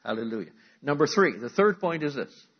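Husky male preacher, sermon in a church, swings between forceful exhortation and low asides, dull lo-fi recording. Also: sing-song, brisk. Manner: swings from loud emphatic exhortation to quiet asides.

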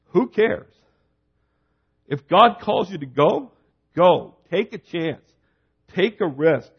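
A man's voice: sits high, breathy edge. Man preaching a sermon, urgent and repetitive, on a dull lo-fi recording.

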